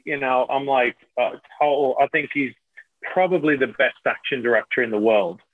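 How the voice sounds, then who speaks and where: A man's voice: medium pitch, moderate pace. Man on a tinny phone line. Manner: animated, repeats and restarts while telling anecdotes. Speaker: actor guest. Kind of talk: casual storytelling interview.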